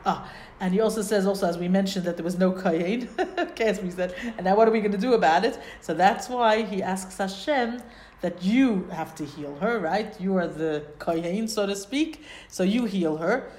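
A woman's voice: medium pitch, normal speed, a little mellow. A woman giving a Torah lesson, explaining Hebrew phrases and asking rhetorical questions. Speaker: Torah teacher. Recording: roomy echo.

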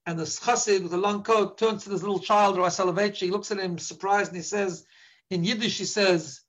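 A man's voice: sits high, fairly even intonation, brisk, a bit bright, poor audio. A man giving an earnest sermon as a rabbi, repeating words as he searches for his phrasing. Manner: drops into Yiddish when quoting.

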